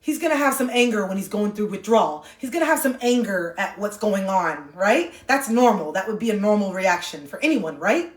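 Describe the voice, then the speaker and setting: Earnest woman host talking candidly into a phone, mid pitch, echoey room. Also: expressive, fairly quick, hardly any pauses. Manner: earnest, heartfelt, swears casually. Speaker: livestream host. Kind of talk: candid livestream monologue.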